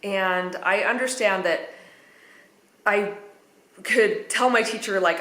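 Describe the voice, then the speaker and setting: A woman's voice: mid-range voice, a little slow, a bit bright. A woman vlogging a candid personal account in a chatty way, with fillers and nervous little laughs. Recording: echoey room.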